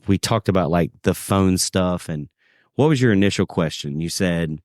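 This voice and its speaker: A man's voice: sits low, normal speed, no room sound, clean studio sound. A man, a podcast guest, telling stories in casual conversation and acting out what others said. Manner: animated storyteller, acts out quoted voices.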